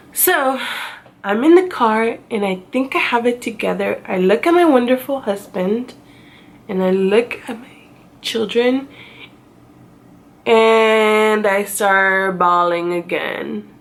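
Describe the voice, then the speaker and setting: Slow, gravelly-voiced woman telling a story. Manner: chatty, self-mocking, acts out her own past crying in a high wail. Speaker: vlogger. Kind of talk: casual story time.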